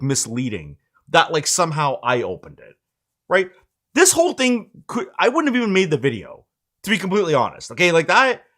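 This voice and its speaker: A man hosts a tech live stream from his home setup and rants with exasperation. His pitch leaps up and drops low as he talks, with plenty of lively swings. He keeps breaking off to speak straight to his chat. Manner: animated, exasperated ranting with asides to chat. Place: home studio, indoors.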